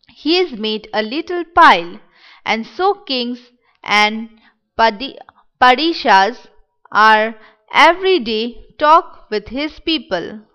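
A woman's voice: fairly high pitch, pushed and bright, clear, resonant tone, lo-fi sound, heavily acted. A woman reading the part of a pompous, spiteful middle-aged village headman in a play reading, with a sneering, mocking manner.

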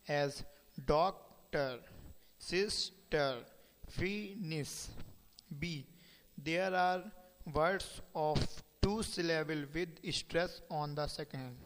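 Slow, dictating male teacher in reverb. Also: on the high side, a bit bright, smooth. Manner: reads notes aloud slowly, spelling words letter by letter. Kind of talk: slow dictated lesson, spelling words out.

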